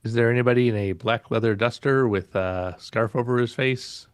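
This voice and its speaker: A man's voice: medium pitch, moderate pace, smooth, no room sound. A man chatting casually as a player in a tabletop game, hesitant and saying "like" often. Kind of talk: casual chat.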